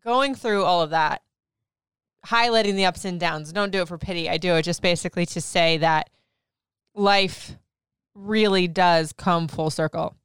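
A woman in her thirties talks candidly and with plenty of laughter. Her voice sits a little low and is very smooth and clean. It is recorded dry and close, with no room sound. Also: normal speed, no room sound. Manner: candid, laughing, lively storytelling. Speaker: podcast host. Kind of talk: casual personal chat.

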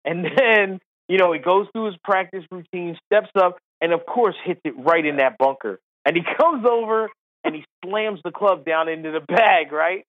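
A man, a golf commentator and former caddie, telling a comic story in an animated, quick way, laughing between lines. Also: high-pitched. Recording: phone-like line, dry.

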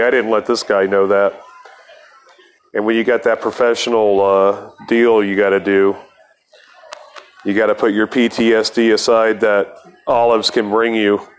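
A man hosting a podcast, telling a rambling, profane story in a casual monologue with laughs between lines. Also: lowish voice. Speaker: podcast host.

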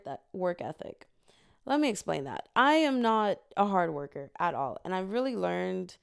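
A young woman from the United States, hosting a solo podcast and telling stories in an animated, chatty way full of profanity. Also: medium pitch, measured pace, gravelly, smooth, no echo, clean studio sound. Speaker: podcast host. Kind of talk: casual solo podcast storytelling.

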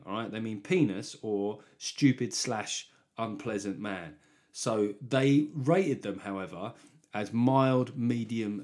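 A man's voice: mid-range voice, a little mellow. A man riffs alone on his comedy podcast, drifting from one joke to the next. He talks in a loose, rambling way. He often laughs at his own gags. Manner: rambling, jokey asides, laughs at own jokes. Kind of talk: solo comedy podcast monologue.

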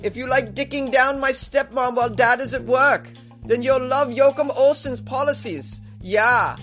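Guy putting on a cheesy campaign ad announcer voice, way higher than his own, sing-songy and loud. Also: normal speed, faint music behind. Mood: hammy. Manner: sing-song, hammy promo delivery. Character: over-the-top male campaign ad announcer.

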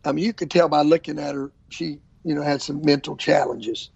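A man's voice: on the high side, a little fast, creaky, husky, no room sound, lo-fi sound. An older man, an evangelist telling stories in a casual interview and acting out what people said. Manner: animated storyteller, acts out quotes. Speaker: traveling evangelist preacher.

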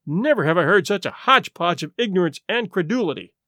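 A man's voice: high-pitched, expressive, quick pace, fairly bright tone, no echo. A man voicing an irate male expert who blusters with contempt. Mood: furious. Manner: blustering, angry.

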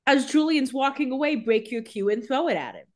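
A woman's voice: high-pitched, big pitch swings, fairly quick, a little mellow. A woman co-hosting a podcast, chatting casually. She pokes wry fun at the plot with an easy, mocking delivery. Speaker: podcast co-host. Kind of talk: casual chat.

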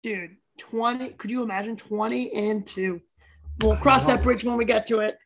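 Woman, podcast co-host, gravelly, slightly high voice, excitable casual chat. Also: moderate pace, low-quality recording. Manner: excitable, talks over her co-host.

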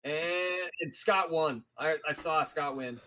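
A young man co-hosting a podcast over a video call, telling animated stories and acting out other people's lines. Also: on the high side, takes it slowly. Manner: animated storytelling, acts out quotes. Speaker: podcast co-host. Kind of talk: casual banter.

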